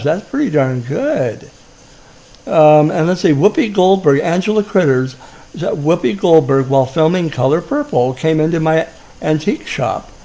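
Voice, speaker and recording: A man's voice: a little high, gravelly, warm tone. A man rambling through a chat, chuckling as he reads off stories. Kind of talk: casual chat.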